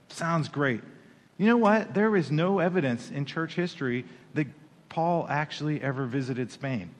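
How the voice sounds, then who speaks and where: A man preaching a sermon as pastor, animated, with playful asides and acted-out quoted voices. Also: on the high side, moderate pace, big-room sound.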